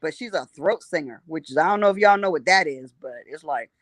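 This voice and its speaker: A woman's voice: low voice, expressive, fairly quick, no echo. A woman telling a story in casual conversation, emphatic and blunt, often repeating herself.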